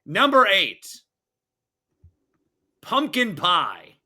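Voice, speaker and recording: A man hosting a casual sports podcast, talking in a high, piercingly bright voice. He is brash and profane, and he drags out his words like a mock announcer. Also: wildly swooping pitch, extremely slow. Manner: crude, emphatic, mock list-countdown delivery. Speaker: podcast host.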